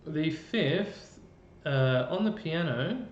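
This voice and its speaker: A man's voice: lively intonation, very slow. A man with an Australian accent presenting a casual live-stream music lesson, chatty, with plenty of fillers and restarts. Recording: roomy dull live-stream audio with faint rumble.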